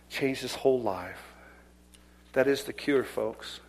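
A man preaching a fiery sermon in church, swinging between loud emphatic declarations and hushed whispers. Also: medium pitch, slow pace. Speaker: pastor. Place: church service.

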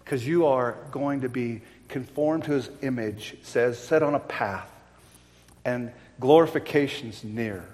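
A man's voice: mid-range voice, unhurried, long reverb tail. A man preaching a sermon, telling stories with animation and repeating points for emphasis. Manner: animated storytelling, emphatic repetition. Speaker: pastor.

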